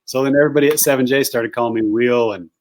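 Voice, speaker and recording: Man, interview guest, hunting guide, animated storyteller, rambling, medium pitch. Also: rapid-fire. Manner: animated, rambling anecdote teller. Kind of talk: casual storytelling.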